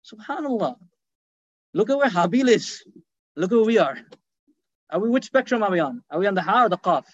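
A man preaching a sermon, telling stories fast with acted quotes and rhetorical questions. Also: high-pitched, lively intonation, lo-fi sound. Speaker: Islamic preacher.

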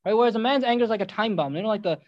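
A man's voice: sits high, racing, dry recording, muffled recording. A man giving a sermon, telling a story with quoted voices and reciting Arabic verses. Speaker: preacher.

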